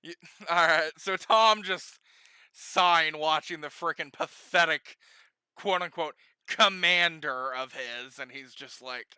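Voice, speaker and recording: Bright-voiced man running a tabletop game. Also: on the high side, slow, smooth, dry recording. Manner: relaxed, laughs often, casual profanity. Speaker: game master.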